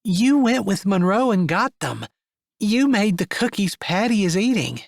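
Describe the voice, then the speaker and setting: A bustling young woman , as a male narrator puts her on, fusses over her sister in a high, lively voice. Storybook romance, read close and dry. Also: measured pace, creaky, dry recording, full character voice. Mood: fussing.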